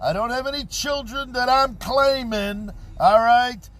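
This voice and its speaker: A man's voice: extremely high pitch, measured pace, fairly bright tone. A man in his fifties hosting a live stream outdoors, talking in a brash, swaggering, repetitive way. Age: 50s. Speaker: livestream host. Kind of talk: boastful live-stream monologue.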